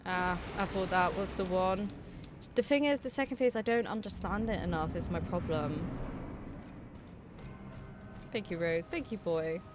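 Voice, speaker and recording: A woman's voice: lowish voice, a little slow, pauses often, over music. A woman streamer commenting on her own gameplay live, venting and swearing at the game.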